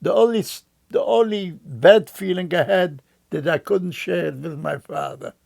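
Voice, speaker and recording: An older man recounting memories in an interview, telling his story in a slow, halting way with frequent restarts. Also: high voice, vocal fry, a little mellow.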